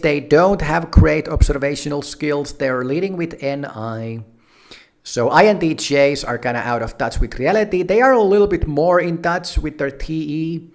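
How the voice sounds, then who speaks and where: Rambling, profane man riffing on personality types. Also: mid-range voice. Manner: rambling, profane, many restarts and fillers. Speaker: YouTube personality-type commentator. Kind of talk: casual monologue.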